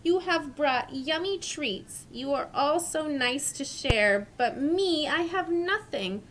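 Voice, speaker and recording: A woman's voice: high voice, lively intonation, takes it slowly, fairly bright tone, a little hiss or hum, pitched above the performer's own voice, full character voice, low-quality recording. A woman reading as a sad storybook bear. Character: sad gentle male bear, storybook friend.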